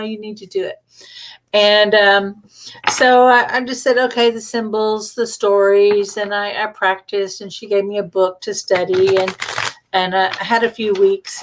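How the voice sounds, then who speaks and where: A woman, an intuitive reader, telling a story casually on a livestream, chatty, with frequent fillers and self-corrections. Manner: chatty, acts out quoted dialogue with lively jumps in pitch. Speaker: intuitive reader and energy healer.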